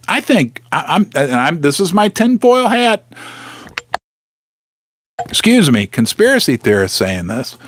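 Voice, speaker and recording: Middle-aged male livestream host, animated and rambling, dry close sound. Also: a little high, dry recording. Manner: rambling, restarts often, thanks viewers. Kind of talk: casual livestream chat.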